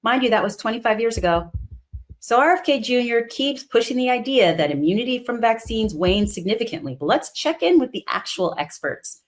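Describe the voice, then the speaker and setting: Woman doctor co-host, lively rising and falling voice, firm explainer. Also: fairly high pitch, brisk. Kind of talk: explaining health facts.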